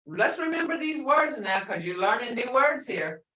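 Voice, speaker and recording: A woman's voice: fairly high pitch, big pitch swings, sharp tone, roomy sound, recorded from a distance. A woman teaching an online language class, patiently repeating and drawing out each word to show its tone. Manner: slow, patient, models words by drawing out tones. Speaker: language instructor.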